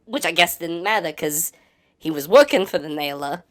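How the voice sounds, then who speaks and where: A man's voice: on the high side, expressive, normal speed, close to an everyday voice. A man voicing a dramatic, easily flustered old woman in an improvised comedy role-play. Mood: distraught. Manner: melodramatic, wailing, sobbing outbursts.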